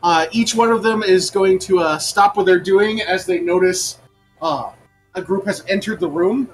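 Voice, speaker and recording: A man narrating as game master of a tabletop game, pausing often with ums and uhs. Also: high voice, faint music behind, rough recording. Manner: halting, with many ums and uhs.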